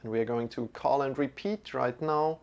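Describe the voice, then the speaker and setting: A man's voice: medium pitch, gravelly, darkish tone, muffled recording. A man teaching a live-streamed yoga lesson, chatting relaxedly with viewers and leading a mantra. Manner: slow, drawn-out mantra chanting.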